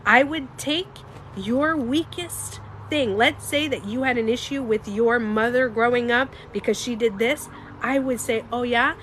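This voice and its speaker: A woman talking casually to her live-stream viewers, animated and emphatic, swearing and laughing as she goes. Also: on the high side, unhurried, a little hiss or hum. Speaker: beauty coach and vlogger.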